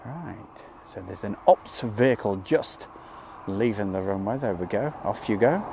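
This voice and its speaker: A man's voice: lowish voice, animated, measured pace, vocal fry, background noise. A man, chatting casually as he hosts a live stream outdoors and greets viewers by name. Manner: chatty, reads out viewer names and greets them warmly. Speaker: livestream host. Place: outdoors by an airport.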